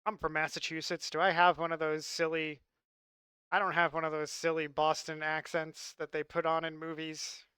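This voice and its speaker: A man's voice: a little high, flat delivery, moderate pace, sharp tone, smooth, no echo. A man from Long Island chatting casually with his stream chat in a wry, talkative way. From Long Island, New York.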